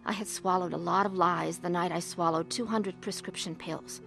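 A woman's voice: on the low side, steady tone, moderate pace, gravelly, a bit bright, faint music behind. An actress playing a troubled middle-aged woman who narrates her own story in a radio drama, earnest and emotional. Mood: somber.

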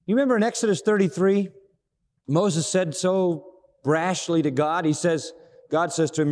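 A man preaching a sermon with a dramatic delivery. He acts out quoted dialogue and swings from hushed low passages to ringing high exclamations. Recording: long hall reverb.

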